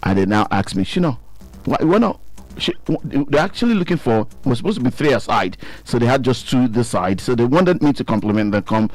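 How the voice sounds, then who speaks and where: Animated Nigerian man telling a story. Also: medium pitch, fairly quick, few pauses, dry recording. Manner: animated, laughs often, acts out voices in the story. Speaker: radio co-host. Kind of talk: radio chat, storytelling.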